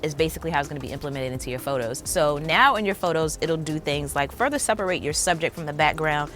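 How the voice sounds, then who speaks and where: A woman hosting a casual tech vlog, chatty and excited, often saying "like". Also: low voice, quick pace, faint music behind. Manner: chatty, enthusiastic, lots of "like" fillers. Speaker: tech vlogger.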